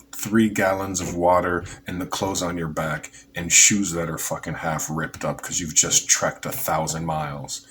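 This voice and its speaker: A man's voice: low voice, fairly bright tone, slight background noise. A man hosting a podcast, giving rambling, heated, sarcastic casual political commentary. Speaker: podcast host.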